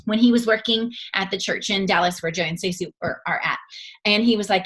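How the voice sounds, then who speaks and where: A woman's voice: mid-range voice, brisk. A woman in her thirties giving a motivational talk to her team as its leader. She coaches earnestly and acts out the voices she quotes.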